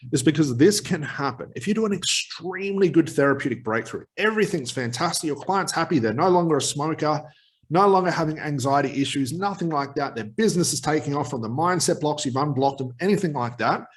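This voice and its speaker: A man teaching hypnotherapy in a direct talk to camera, emphatic, who acts out short exchanges with clients. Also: on the high side. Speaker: hypnotherapy trainer.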